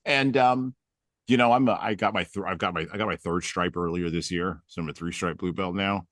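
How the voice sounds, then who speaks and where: A podcast host chats casually, telling funny stories with self-deprecating jokes. His low voice is a bit bright, quick, and fairly even in intonation, captured in clean studio sound without echo.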